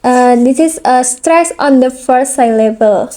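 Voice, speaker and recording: A woman student presenting a phonology lesson, reading haltingly with fillers and drawn-out examples. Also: sits high, dark tone. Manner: very slow, hesitant reading with fillers and restarts.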